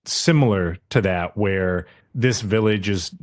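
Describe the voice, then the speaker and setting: A man's voice: low voice, unhurried. A man co-hosting a podcast, casually recapping an anime episode and briefly putting on the characters' voices as he retells scenes. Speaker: podcast co-host. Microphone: podcast mic.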